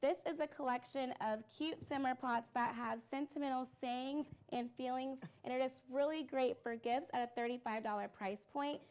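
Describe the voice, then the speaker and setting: A woman's voice: sits high, steady tone, moderate pace, few pauses, a little mellow. A woman co-hosting a live product stream, presenting items in an upbeat, enthusiastic way. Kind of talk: casual live product demo.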